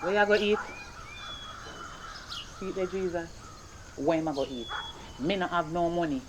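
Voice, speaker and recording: A performer playing a stern, broke Jamaican mother who scolds her son in rapid patois. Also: medium pitch, noisy background, close to an everyday voice. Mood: scolding. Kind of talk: comedy skit acting.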